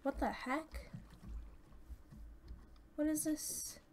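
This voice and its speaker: A young woman casually commenting on her own gameplay, chatty and excitable, gushing with thanks. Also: high-pitched, very slow. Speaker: gaming channel host. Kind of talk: casual let's-play commentary. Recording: noisy home recording.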